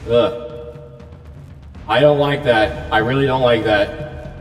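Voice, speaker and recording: A man's voice: mid-range voice, fairly even intonation, slow, roomy sound, big-room sound, far from the mic, faint music behind. A man nervously commenting while playing a horror game, repeating himself as he frets. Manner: anxious, repetitive muttering. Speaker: gaming YouTuber.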